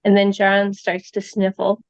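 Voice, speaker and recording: A woman's voice: mid-range voice, monotone, a little slow, no room sound, muffled recording. A Canadian woman casually retelling a true-crime story, acting out the quotes with lots of fillers. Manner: chatty, acts out quotes, many fillers. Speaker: storyteller guest.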